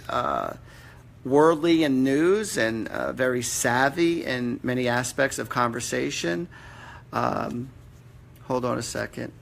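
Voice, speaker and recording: A man's voice: mid-range voice, gravelly, a bit bright. A man hosting a live-stream session, giving casual, blunt readings with some mild swearing. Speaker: psychic medium host. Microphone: computer or phone mic on a live stream.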